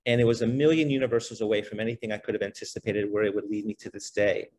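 A middle-aged man, speaking quickly and in a fairly low voice, recounts his career as a podcast guest. His delivery is animated and loose, threaded with casual fillers, and a faint hiss sits under the recording. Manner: animated, fast-flowing, many fillers like "you know" and "like". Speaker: podcast guest, basketball trainer. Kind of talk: conversational storytelling.

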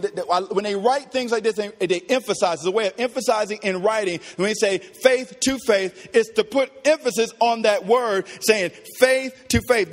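A middle-aged man preaching a sermon, swinging between soft talk and loud emphasis, with casual asides to the congregation. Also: high-pitched, long reverb tail. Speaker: pastor. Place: church.

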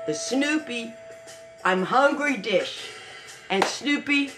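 A woman hosting her own cooking video, showing a home-made dish in a casual, exuberant way with frequent high whoops. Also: takes it slowly, echoey room, music in the background. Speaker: cooking channel host.

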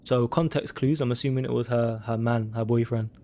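A mid-range male voice, mellow and fairly quick, keeps a fairly even intonation over slight background noise. He's a gaming YouTuber doing a let's play of a horror game on his channel, swearing constantly, reacting jumpily, and reading the game's text aloud.

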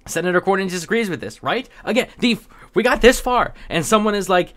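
A man's voice: high-pitched, expressive, brisk, fairly bright tone. A man giving casual political commentary, exasperated and sarcastic, stumbling over restarts and laughing in disbelief. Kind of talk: casual commentary reading tweets.

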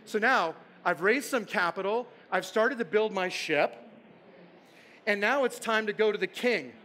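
A man giving a storytelling keynote at a conference, playful and quick to toss rhetorical questions at the audience. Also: high-pitched, sharp tone. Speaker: conference speaker. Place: conference stage.

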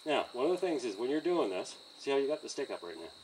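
A man teaching horse handling outdoors by a trailer, in a calm coaching manner with frequent okays and chuckles. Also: mid-range voice, fast, recorded from a distance, a little hiss or hum, poor audio. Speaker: horse trainer. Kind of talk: hands-on training demonstration.

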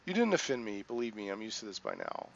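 A man's voice: on the low side, huge pitch swings, quick pace, gravelly, dull audio, exaggerated voice. A man reading out the lines of a frail, defensive mutant teenage boy in a video game, in a raised, defiant voice.

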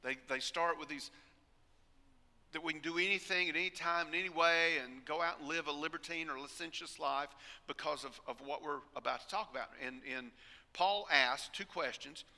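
A man's voice: on the high side, normal speed, pushed and bright, big-room sound. A man preaching a sermon, emphatic and calling on the congregation for responses. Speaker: pastor. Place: church sanctuary.

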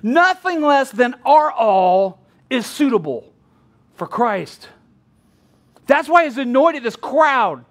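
A male pastor in middle age delivers a sermon in an unusually high voice. His pitch rises and falls with great animation, and he often breaks into laughter while acting out the people in his story. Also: sing-song, slow, pauses often.

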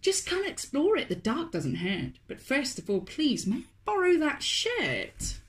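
A woman voicing a gentle, shy young vampire boy in a children's storybook, speaking softly and apologetically. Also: high voice, huge pitch swings, a little slow, pitched above the performer's own voice, full character voice. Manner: soft, apologetic, wistful.

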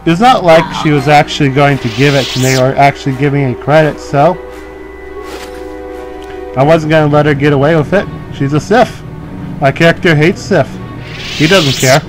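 A man's voice: on the high side, normal speed, pauses often, music in the background, low-quality recording. A man giving casual, joking commentary while playing a video game, often laughing at himself. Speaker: let's play host.

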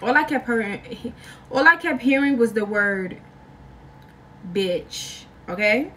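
A young woman vlogger telling a story in a casual, slangy, animated way, acting out other people's lines. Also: fairly high pitch, slow pace, distant mic, slight background noise. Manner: animated, slangy, acts out quotes with big jumps in voice.

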